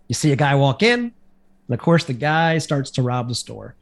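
A man's voice: mid-range voice, normal speed. A man casually recapping a TV episode on a podcast, rambling with lots of fillers. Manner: rambling, filler-heavy retelling. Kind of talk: casual chat.

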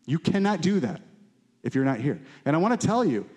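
A man preaching a sermon with fervent emphasis, climbing high on key lines and dropping low and quiet on others. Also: sing-song, a little fast. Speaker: pastor.

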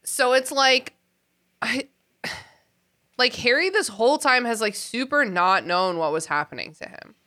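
A woman's voice: on the high side, animated, unhurried, sharp tone. A woman hosting a casual podcast, talking animatedly and with exasperation, laughing often. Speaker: podcast host.

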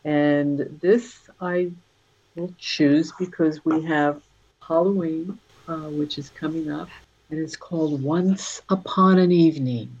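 A woman's voice: low-pitched, steady tone, slow, darkish tone, dull audio. A woman author being interviewed, talking in a rambling, chatty way with many fillers. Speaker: author guest. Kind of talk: casual interview chat.

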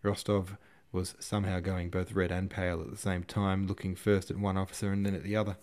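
A man's voice: sits low, little pitch movement, brisk, darkish tone. A man narrating a classic novel as host of his own podcast, with an informal manner. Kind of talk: audiobook narration.

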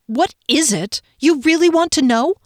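A woman narrator voicing her story's heroine, a blunt, fed-up young woman yelling at her ex. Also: sits high, lively intonation, moderate pace, no room sound, clean studio sound, voice pushed up. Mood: furious. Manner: yelling, sharp.

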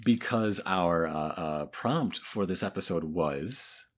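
A man co-hosting a podcast, reading listener letters aloud in a playful, halting way with many restarts. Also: low-pitched. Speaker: podcast co-host.

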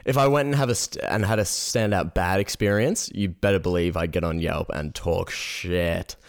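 A man's voice: low voice, moderate pace. A young man co-hosting a podcast in casual chat, laid-back, swearing and laughing often. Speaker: podcast co-host.

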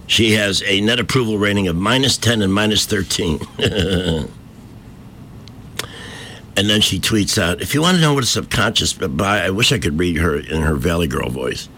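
A man's voice: deep voice, moderate pace, sharp tone, slight background noise. A man hosting a talk radio show, delivering combative, mocking opinion commentary from a studio microphone.

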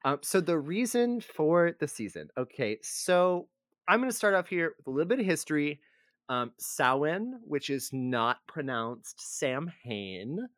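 A man's voice: on the high side, very animated, normal speed, no echo, clean studio sound. A man co-hosting a casual podcast, rambling and self-deprecating as he explains history. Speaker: podcast co-host.

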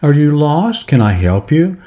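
A man's voice: on the high side, sing-song, measured pace, dark tone, pitched above the performer's own voice. A man putting on a fussy old grandmother. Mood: fussing. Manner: soothing, fussing over a lost child.

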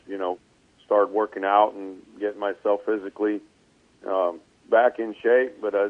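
A male race car driver calmly talking through his plans in a casual interview, with many ums and uhs. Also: on the low side, no echo. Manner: relaxed, measured, frequent um and uh. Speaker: race car driver and team owner guest. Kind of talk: casual interview on a phone line. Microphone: phone line. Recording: tinny phone line, dry.

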